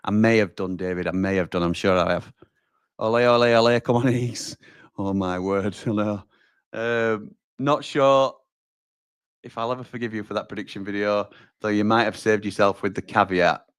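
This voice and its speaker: A man's voice: on the low side, steady tone, moderate pace, clear, resonant tone, no room sound. Chatty man, dry close sound. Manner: chatty, reacts loudly to chances, addresses viewers as pal and mate. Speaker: host of a football watch-along. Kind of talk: live watch-along commentary and reading viewer comments.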